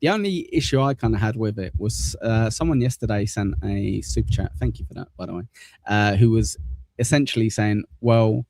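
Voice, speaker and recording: A man's voice: on the low side, fairly quick, gravelly, darkish tone, no echo. A man hosting a casual live stream, blunt and swearing, reading viewer messages aloud.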